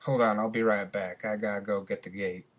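A man's voice: fairly low pitch, steady tone, lightly acted. A man voicing a cocky, foul-mouthed male friend who chain-smokes, talking in brash, profane bursts. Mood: calm, reasoning. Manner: brash and profane, with quick outbursts.

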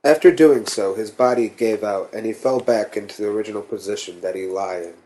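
A man reading a first-person horror story in a tense, steady manner. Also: fairly low pitch, fairly quick. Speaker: narrator.

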